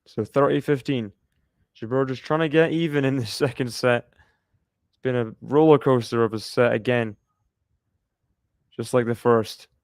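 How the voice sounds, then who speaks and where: Aussie guy doing live tennis play by play, smooth clear voice, dry close sound, laughs a lot. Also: mid-range voice, fairly even intonation, normal speed, pauses often, a little mellow, no room sound. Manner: chatty, laughs often, cheers on players. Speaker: tennis watchalong commentator.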